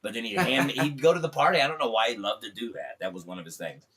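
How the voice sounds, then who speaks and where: A man in his fifties, a comedian guest telling animated stories in casual podcast chat, with lots of fillers and restarts. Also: medium pitch, rapid-fire. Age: 50s. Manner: animated anecdotes, acts out quoted voices, frequent fillers and restarts.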